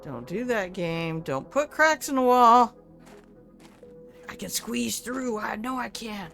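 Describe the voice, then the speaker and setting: A woman's voice: a little high, lively intonation, slow, gravelly, fairly bright tone, soft background music. An older woman chatting casually as she streams a video game. She talks back to the game and swears offhandedly. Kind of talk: casual live-stream gameplay commentary.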